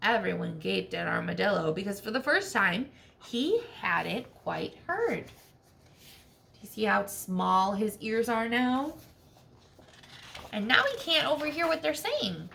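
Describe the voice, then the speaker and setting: A woman teacher reading a storybook aloud to children, expressive and checking in with questions. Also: medium pitch, takes it slowly, gravelly.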